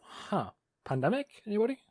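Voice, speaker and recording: A young man co-hosting a podcast in a mid-range voice. He rambles hesitantly and pokes fun at himself, his pitch rising and falling a lot. The sound is dry and close. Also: very animated, fairly quick, a little mellow, no room sound. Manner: hesitant, rambling, self-deprecating. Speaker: podcast co-host. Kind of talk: casual podcast chat.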